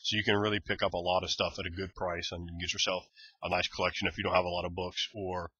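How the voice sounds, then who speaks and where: Man, casual game book review, enthusiastic, rambling, very bright tone, dry slightly dull recording. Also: low-pitched, little pitch movement, fast talker, breathy edge, no echo.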